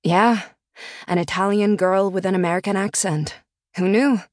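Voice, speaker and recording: A woman's voice: medium pitch, steady tone, normal speed, no room sound, studio quality, close to an everyday voice. A woman reading an audiobook and voicing a shaken young heroine who brushes off questions in short, brittle replies. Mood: brittle, evasive. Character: shaken young Italian woman raised in New York.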